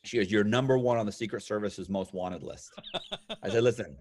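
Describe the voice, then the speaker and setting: Lively storytelling man, low voice. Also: a little fast, a little hiss or hum. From United States. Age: 50s. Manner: animated storyteller, acts out quoted voices. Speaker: interview guest. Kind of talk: storytelling in casual conversation.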